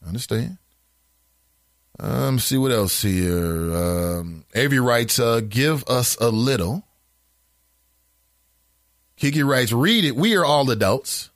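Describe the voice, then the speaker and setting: A talk show host slowly reads listener messages aloud in a flatter tone on a casual call-in show, answering with animated, disbelieving asides and laughs. His pitch swings widely when he gets worked up. The sound is dry and close, with no echo and no room around it.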